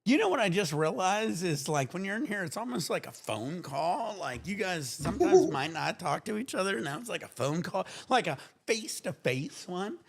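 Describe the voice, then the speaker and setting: A man's voice: sits high, normal speed, gravelly, few pauses. A man hosting a livestream, chatting casually and cutting in to make his point. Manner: animated, talks over others, insistent. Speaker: livestream host. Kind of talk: casual stoner chat.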